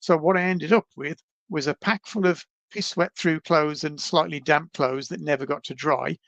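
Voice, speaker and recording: A man, a podcast guest, telling travel stories in a casual, animated, self-deprecating way over a video call. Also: a little high, moderate pace, creaky, no room sound. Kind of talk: casual storytelling.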